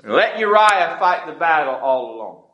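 Guy doing an old king giving sneaky orders, pushy and high, echoey hall. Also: sing-song, moderate pace, dull audio. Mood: scheming. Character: ancient male king giving secret orders.

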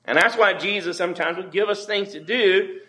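A man's voice: high-pitched, brisk, bright, forceful tone. A man preaching as a pastor in a church, talking in a conversational way and acting out the voices he quotes. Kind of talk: sermon.

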